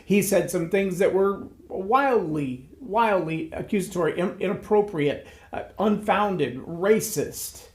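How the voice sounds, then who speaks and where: Higher-pitched male speaking coach, measured reflective monologue. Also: a little mellow. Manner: reflective, measured, with repeated phrases for emphasis. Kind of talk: solo talk to camera.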